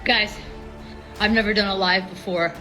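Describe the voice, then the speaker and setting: A woman in her fifties, out of breath and excited, talking fast and swearing as a sports fan on a live stream. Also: mid-range voice, over music, poor audio. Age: 50s. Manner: excited, swearing, laughing between lines.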